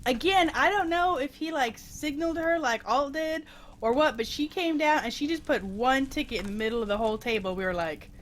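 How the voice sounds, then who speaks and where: A woman chatting casually with friends on a stream, telling a rambling, animated story with many restarts. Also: high voice, fairly quick, slight background noise.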